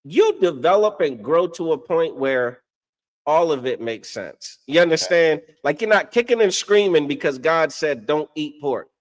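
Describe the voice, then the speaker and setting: A man's voice: on the high side, lively intonation, measured pace. A man co-hosting a casual religious discussion, teaching in a preachy way, often asking "you understand?" and laughing at his own stories. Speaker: podcast co-host and religious teacher.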